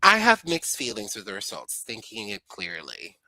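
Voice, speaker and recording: A male co-host chatting casually on a live stream, animated and opinionated, dropping in Spanish phrases now and then. His voice is bright and forceful. The sound is dry and close, with no room around it. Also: lowish voice, normal speed, no room sound, poor audio. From Dominican Republic.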